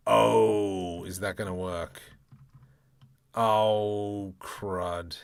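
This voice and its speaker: A man demonstrating 3D modeling software, thinking aloud in a playful way and muttering keyboard shortcuts and mild exclamations as he works. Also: fairly low pitch, animated, slow pace, long pauses, no echo. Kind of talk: screen-recorded software tutorial, thinking aloud.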